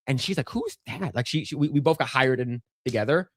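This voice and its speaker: A man in his thirties, co-hosting a podcast, tells a long, casual, rambling story in an expressive, mid-range voice at a slightly fast pace. He stammers and restarts often and acts out quotes in shifting voices.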